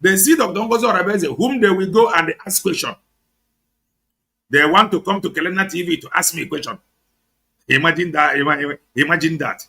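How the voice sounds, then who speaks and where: A Nigerian man with an Igbo accent delivers heated political commentary on his online show. He switches between English and Igbo with biting sarcasm. His voice is gravelly, bright and a little high. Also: brisk. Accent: Nigerian, Igbo-speaking.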